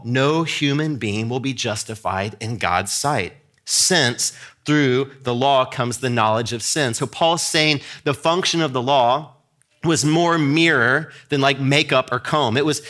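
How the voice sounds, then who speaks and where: Earnest male preacher, mid-pitched, emphatic with frequent restarts. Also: a bit bright. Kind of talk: sermon.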